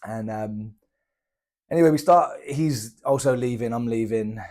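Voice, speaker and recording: A man's voice: medium pitch, unhurried. Chatty British guy telling a travel story. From Britain. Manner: chatty, slangy, animated retelling with quoted dialogue. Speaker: travel vlogger. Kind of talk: casual storytelling.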